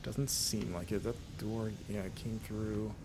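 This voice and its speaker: A young US streamer and games critic, his voice on the low side, creaky and unhurried with fairly even intonation, chats casually over gameplay against a noisy background. He's talkative, laughs easily, and likes to slip into mock voices for fun.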